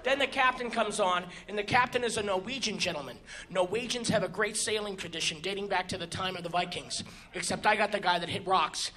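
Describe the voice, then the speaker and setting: A male stand-up comedian telling stories on stage with animated exasperation. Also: high-pitched, a little fast. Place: comedy stage before an audience. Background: audience laughter.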